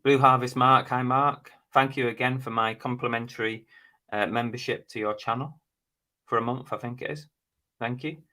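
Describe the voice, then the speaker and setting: A man's voice: medium pitch, fairly even intonation, normal speed, bright, forceful tone. A middle-aged man, hosting a casual live stream and chatting as he reads out viewers' names and comments. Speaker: live stream host reading chat.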